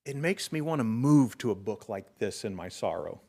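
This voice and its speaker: Earnest middle-aged preacher giving a sermon. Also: male voice, on the low side, lively intonation, normal speed, gravelly, darkish tone. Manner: earnest storytelling preacher, rising in emphasis. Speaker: pastor. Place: church sanctuary.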